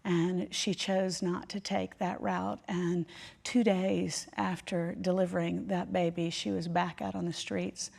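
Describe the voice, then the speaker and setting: A woman teaching a women's Bible study, telling a personal story in an emphatic, heartfelt way with dramatic pauses. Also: on the low side, little pitch movement, creaky, a little mellow. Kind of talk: emotional sermon storytelling.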